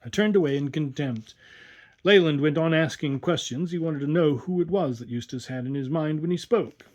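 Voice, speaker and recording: A man narrating a story in a measured, expressive reading. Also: fairly high pitch, dull audio. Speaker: reader.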